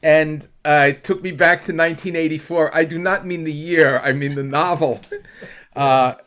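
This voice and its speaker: A man hosts an online song gathering in a casual, halting way, with frequent fillers and chuckles. His voice sits slightly on the high side. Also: fairly even intonation, fairly bright tone. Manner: hesitant, full of fillers, chuckling. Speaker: host of an online song swap. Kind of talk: casual hosting.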